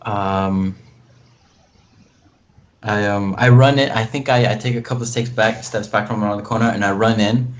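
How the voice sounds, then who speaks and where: A man's voice: on the low side, fairly even intonation, normal speed, long pauses. A man playing a tabletop game, rambling casually with lots of fillers. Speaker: player. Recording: muffled lo-fi voice chat.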